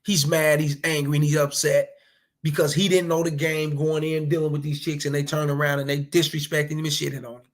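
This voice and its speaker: A man's voice: on the high side, flat delivery, brisk. A man giving casual reaction commentary, blunt and profane, lecturing other men with preachy advice. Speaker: commentary vlogger.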